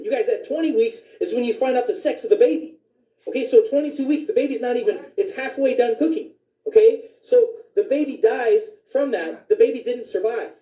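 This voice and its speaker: Fired-up ranting man, dark and distant. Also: sits high. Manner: indignant, profane, fired up. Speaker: physician. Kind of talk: ranting commentary video. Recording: distant, echoey, dull lo-fi sound.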